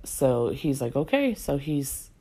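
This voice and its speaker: A woman's voice: very deep voice, fairly even intonation, measured pace, vocal fry, mellow. A woman casually telling a personal story in a chatty, rambling way, full of fillers.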